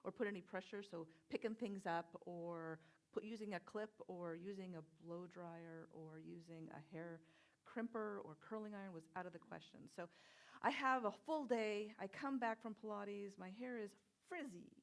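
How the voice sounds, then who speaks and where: A woman minister giving a conversational sermon, telling personal stories with soft whispered asides. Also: medium pitch, normal speed. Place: church sanctuary.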